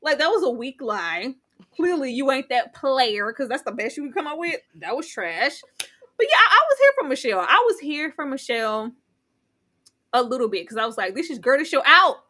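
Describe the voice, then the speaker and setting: A woman co-hosting a casual reality TV recap, loud and animated, laughing and reacting in disbelief. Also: high-pitched, moderate pace. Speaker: podcast co-host.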